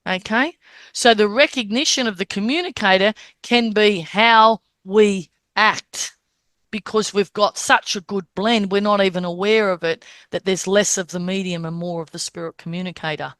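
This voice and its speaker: A woman's voice: medium pitch, moderate pace, a bit bright, dry recording. A woman medium explaining how spirit communicators are recognised, checking in with her listeners and acting out gestures as she teaches. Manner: checks in often with "Okay?"; acts out the spirits' words and gestures.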